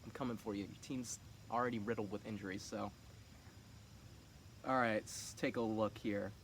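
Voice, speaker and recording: A man's voice: lowish voice, steady tone, moderate pace, a bit bright, slight background noise. Cocky man trash-talking his fantasy league. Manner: cocky, teasing trash talk. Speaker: fantasy football league commissioner. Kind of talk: casual trash-talk vlog.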